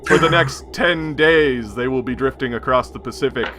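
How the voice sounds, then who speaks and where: A man's voice: medium pitch, normal speed, sharp tone, slight background noise. A man narrating a tabletop horror game as game master, telling the scene like a story. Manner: storytelling, with chuckles.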